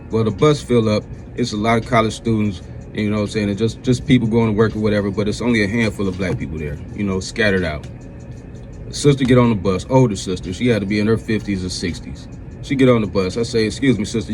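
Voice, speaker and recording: A man telling a casual, profane story, rambling and circling back, often asking "you know what I'm saying". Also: a little mellow. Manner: acts out quoted women in a raised pitch.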